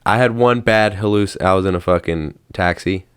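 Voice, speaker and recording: A young man with a very low voice tells a long story in a casual podcast chat. He rambles and swears freely. His tone stays smooth and clear. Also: moderate pace, fairly bright tone. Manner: slangy, rambling, swears often. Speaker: podcast host.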